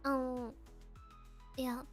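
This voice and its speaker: Chatty giggly girl streamer, high voice, faint music behind her. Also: level tone, drawn-out words. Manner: giggly, chatty, reads chat aloud. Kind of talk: casual chat with chat readers.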